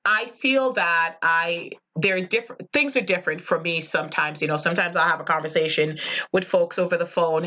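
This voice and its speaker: A woman's voice: on the low side, pushed and bright. A woman from Jamaica with a slight Jamaican accent, talking earnestly and reflectively in a solo podcast, with many fillers. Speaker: podcast host. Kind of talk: casual solo podcast monologue.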